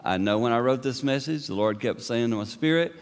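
A man preaching a sermon in an impassioned way, moving between booming lines and hushed asides. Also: fairly quick, clean tone, big-room sound. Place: church sanctuary.

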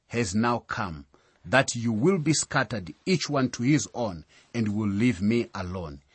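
A man preaching a sermon in a solemn, deliberate way, reading out scripture references. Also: medium pitch, husky, dry recording.

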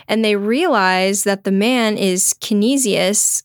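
A woman's voice: mid-range voice, takes it slowly, no echo. Dry close-miked woman chatting casually. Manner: laughs often, animated retelling. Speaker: podcast co-host. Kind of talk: casual chat retelling a play.

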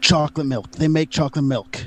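A man's voice: on the high side, steady tone, a little fast, fairly bright tone. A man role-playing at a tabletop game, goofy and friendly. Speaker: player. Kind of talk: in-character tabletop play.

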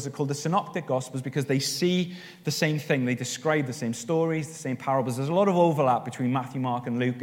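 A man preaching a sermon as pastor, telling stories with animated, rising emphasis. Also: fairly high pitch. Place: church hall. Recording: long reverb of a church hall.

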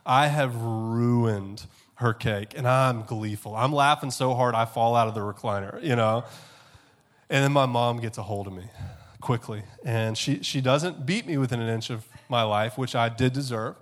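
A pastor preaches a sermon that kicks off with a comic personal story. He tells it with animated energy, often repeating words and checking in with "okay?" His voice is medium-pitched at a normal speed.

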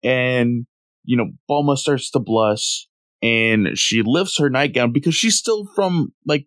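A man's voice: mid-range voice, no room sound. A man co-hosts a podcast in easy casual chat, retelling scenes and putting on voices for the characters. The recording is dry and close. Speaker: podcast co-host.

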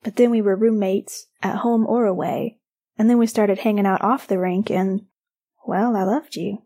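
A woman's voice: mid-range voice, fairly even intonation, normal speed, dark tone, lightly acted. A woman voicing a shy, tender nineteen-year-old guy. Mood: earnest. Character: affectionate young man, nineteen, hockey player.

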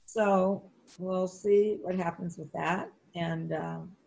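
A middle-aged actress and flight attendant, interviewed as a guest, tells lively anecdotes in a slow, gravelly voice. She acts out what people said by jumping into a high, excited pitch, and she often restarts her sentences in this conversational storytelling.

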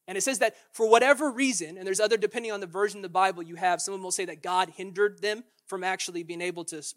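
Guy preaching, high voice, chatty, acts out little quotes, lots of restarts. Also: fairly bright tone. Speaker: pastor. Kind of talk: sermon.

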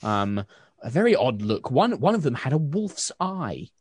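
A man's voice: mid-range voice, big pitch swings, unhurried, a little mellow, husky, dry recording, voice pushed up. A man voicing a flustered, motherly middle-aged baker woman who gushes and stammers over a noble customer. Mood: gushing. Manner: gushing, fussy, stammering.

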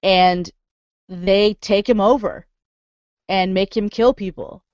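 A woman chatting casually on a podcast, animated and profane, swinging into loud indignant rants. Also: mid-range voice, slow pace, dry recording, muffled recording. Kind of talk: casual chat.

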